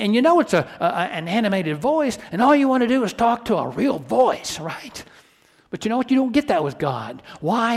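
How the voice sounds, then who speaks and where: Pastor guy preaching earnest, lots of questions to the crowd, long echo in the sanctuary. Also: sits high. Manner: earnest preaching with rhetorical questions and repeated restarts. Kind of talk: sermon.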